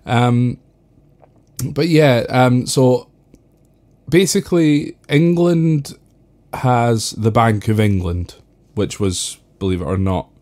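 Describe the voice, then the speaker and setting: A man's voice: slow pace, long pauses. A Scottish man hosting a podcast alone, talking casually and rambling with lots of fillers. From Scotland. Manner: rambling, many fillers, lively swings in pitch. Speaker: podcast host. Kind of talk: casual solo podcast talk.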